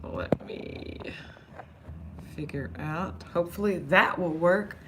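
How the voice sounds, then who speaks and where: On a live stream, a young vlogger who has lost much of her voice chats casually and greets viewers from the chat by name. Her strained voice is low and husky yet fairly bright in tone, and she speaks slowly over slight background noise.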